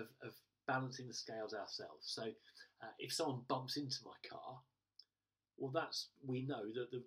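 Male pastor, conversational sermon, husky tone, picked up at a distance. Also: medium pitch, a bit bright. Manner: chatty, with acted-out asides and many fillers. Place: church.

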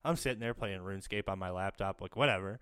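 A man's voice: low voice, fast talker, a crowd in the background. A man telling a profane story in casual podcast chat, laughing through the punchlines.

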